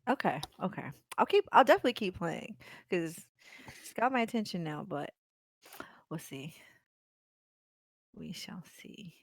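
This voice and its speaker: A woman's voice: fairly low pitch, sing-song, measured pace, pauses often, dry recording, clean studio sound. A woman on a podcast chatting about video games in an easygoing, giggly way. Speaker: podcast guest.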